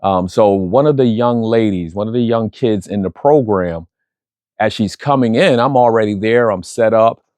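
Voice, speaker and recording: A man hosting a podcast, speaking earnestly and reflectively about his youth program, pausing often with fillers while recovering from surgery. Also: fairly low pitch, a little mellow, dry recording. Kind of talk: casual spoken intro.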